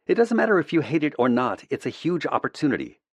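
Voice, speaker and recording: A woman's voice: low-pitched, sing-song, quick pace, no echo, pitched above the performer's own voice, heavily acted. A man voicing a young woman working in PR who speaks firmly and persuasively. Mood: insistent. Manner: firm, insistent.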